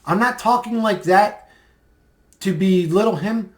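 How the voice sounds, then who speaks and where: Rambling man with a higher voice. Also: measured pace. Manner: mocking, rambling, many fillers. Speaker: video creator replying to comments. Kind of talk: casual commentary vlog.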